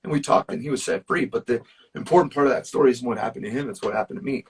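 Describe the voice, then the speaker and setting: Racing through his personal stories, a musician guest speaks in a medium-pitched, slightly rough voice from some distance from the microphone. The conversation is casual, and he's earnest and emphatic, leaning heavily on fillers.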